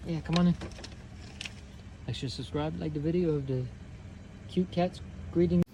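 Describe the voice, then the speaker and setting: A man's voice: on the high side, normal speed. Playful man teasing his pets. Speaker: pet owner filming at home. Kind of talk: casual home video chat. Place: home. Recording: noisy home video.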